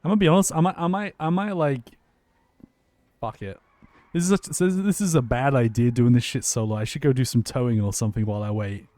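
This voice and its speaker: A man's voice: medium pitch, fast, mellow, no echo. A man chatting casually on a live stream, rambling with lots of restarts and frequent swearing.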